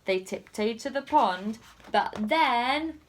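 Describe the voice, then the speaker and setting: A woman's voice: on the high side, animated, slow, slight background noise. A woman teacher reading a picture book aloud to children in a sing-song storytelling manner.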